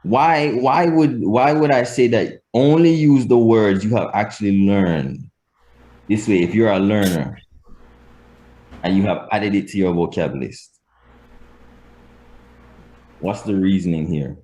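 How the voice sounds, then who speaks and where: A man's voice: on the low side, a little slow, long pauses, mellow. A Jamaican man teaching a live class, patient and repeating key points for emphasis. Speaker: language teacher.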